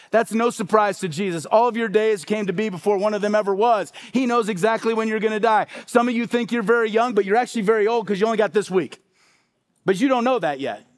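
A male pastor with a high voice preaches a sermon. He talks in a conversational way and keeps asking rhetorical questions.

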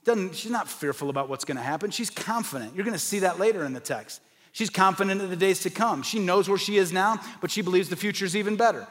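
A man with a high voice preaches to his congregation, shifting between emphatic points and relaxed storytelling. His words ring out with a long reverb off a large church hall. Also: fast. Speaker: pastor. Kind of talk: sermon.

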